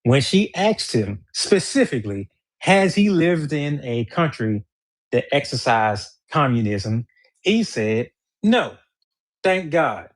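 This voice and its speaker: A man's voice: medium pitch, big pitch swings, slow. A man hosting a livestreamed debate, arguing in a heated, profane and emphatic way.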